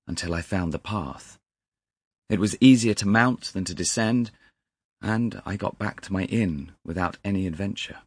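A man narrating a classic story as an audiobook in a measured, deliberate manner. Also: low-pitched, breathy edge, dry recording.

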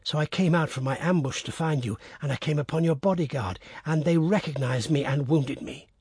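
Man doing a wounded bearded man, weak voice, quiet, remorseful, husky. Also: fairly high pitch, fairly quick, dry recording, studio quality. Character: wounded bearded man, repentant former enemy.

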